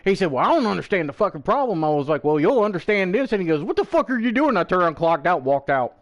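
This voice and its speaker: A man on a game stream recounts a story in loose, casual talk, his somewhat high voice swinging widely in pitch. He swears constantly and acts out every quoted line as he tells it. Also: fast. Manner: profane, animated, acts out quoted people in the story. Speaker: gaming streamer.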